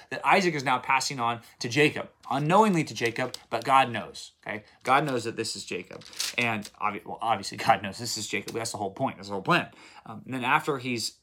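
A man's voice: medium pitch, pushed and bright. A man giving casual daily Bible commentary, retelling the stories in plain modern speech and checking in with listeners as he goes. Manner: checks in with listeners, repeats for emphasis. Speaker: Bible reading teacher.

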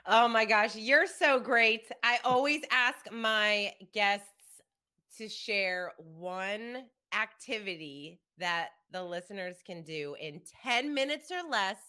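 A woman's voice: mid-range voice, animated, slow pace, sharp tone, clean tone. A woman hosting an interview podcast, asking questions in an upbeat, encouraging way. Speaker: podcast host. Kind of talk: casual interview chat.

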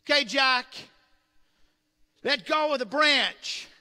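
Voice of God from above, played by a preacher, firm and commanding, high and ringing. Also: male voice, slow pace, full character voice. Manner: loud, firm calling. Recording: long hall reverb.

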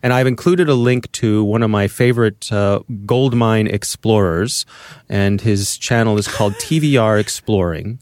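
Measured, thoughtful male podcast co-host. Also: on the low side, a little mellow, no room sound, studio quality. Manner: measured, thoughtful, musing aloud. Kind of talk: casual chat.

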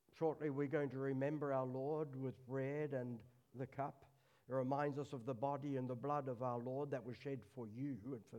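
A middle-aged man preaching a sermon at a church service, earnest, dropping to a hush on solemn lines. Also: mid-range voice.

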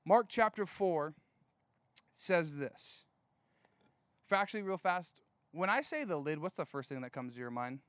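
A young man giving a casual sermon, reading scripture and telling jokey stories, slowing down to stress key points. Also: fairly high pitch, expressive, a bit bright, no echo. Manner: conversational, jokey asides, slows down for emphasis.

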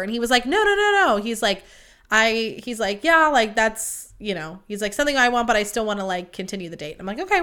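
Young female podcast host, casual and profane storyteller, mid pitch, animated quoting. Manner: chatty, profane, quoting others in lively voices.

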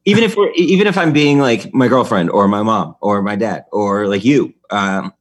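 A man with a fairly low voice hosting a casual podcast chat. He asks easygoing questions and hedges his points with fillers. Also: lively intonation, normal speed. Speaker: podcast host.

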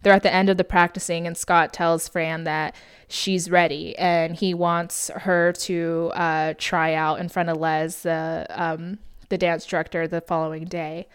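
This US podcast co-host speaks in a lowish, smooth voice, unhurried and flat in delivery. She chats about a film she's recapping, giggling and rambling, full of fillers, restarts, and self-corrections.

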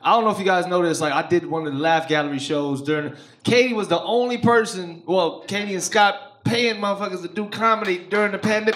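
A man's voice: sits high, fast, a bit bright. A man doing a stand-up comedy set, loose, profane and playful with the crowd, on a club stage with a handheld mic. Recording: roomy live club sound.

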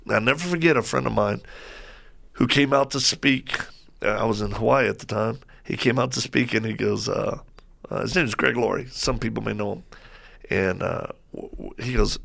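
A man as a guest on a faith talk show, telling stories in a lively way and acting out what people said. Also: mid-range voice, normal speed, vocal fry. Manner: lively storyteller who acts out quoted voices.

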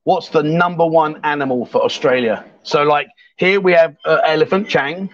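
A man's voice: fairly high pitch, moderate pace, no room sound, highs cut off. A man from England hosting a casual livestream, teasing his guest and reading viewer comments aloud in a jokey way. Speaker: livestream host. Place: bar in Thailand.

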